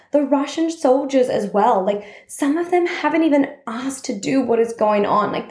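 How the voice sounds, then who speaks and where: A woman's voice: a little high, a little mellow, reverberant. A woman hosting her own podcast, talking casually and heartfelt with many "like" fillers. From Australia. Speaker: podcast host. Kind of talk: casual solo podcast talk.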